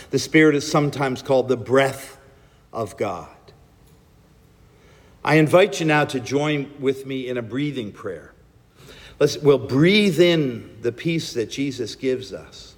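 A male pastor preaching a sermon and leading a breathing prayer, slow and gentle in a measured way. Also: mid-range voice. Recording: long echo of a large hall.

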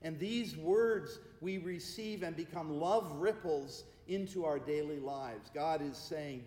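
Slow-preaching pastor in an echoey church. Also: male voice, fairly high pitch, slight background noise. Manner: slow, emphatic preaching with repeated refrains, softening into hushed prayer. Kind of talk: sermon. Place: church sanctuary. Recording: echoey church hall with long reverb.

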